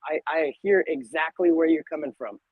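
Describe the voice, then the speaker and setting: A man's voice: a little high, normal speed, husky, no room sound, phone-quality sound. A man in reflective casual conversation, thoughtful, often stammering on the first word of a phrase.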